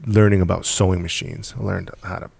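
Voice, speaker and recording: A man's voice: sits low, fairly even intonation, fairly quick, vocal fry, a little mellow, breathy edge, dry recording. A man telling a guest's story about starting his business, emphatic and repetitive, with frequent laughs. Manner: emphatic, repeats words, laughs often. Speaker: podcast guest, business founder. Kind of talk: casual storytelling.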